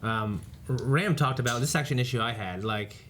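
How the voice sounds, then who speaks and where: A man co-hosting a casual reaction chat, reading viewer comments aloud and clearing his throat between them. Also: mid-range voice, quick pace. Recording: faint background noise.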